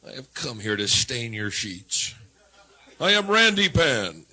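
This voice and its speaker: A man putting on a lustful half-goat creature who makes slow, booming, leering proclamations. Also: big pitch swings, sharp tone, exaggerated voice.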